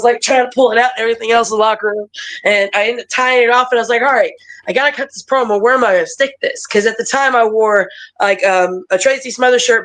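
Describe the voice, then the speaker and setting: A woman wrestler telling stories as a podcast guest over a video call, animated and profane, laughing often. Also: fairly high pitch, rough recording. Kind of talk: casual storytelling.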